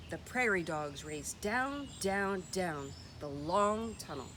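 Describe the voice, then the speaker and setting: Slow, expressive woman reading a picture book. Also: slight background noise. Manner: slow, expressive storytelling with very lively pitch. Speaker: reader at a library story time. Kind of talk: children's picture book read-aloud.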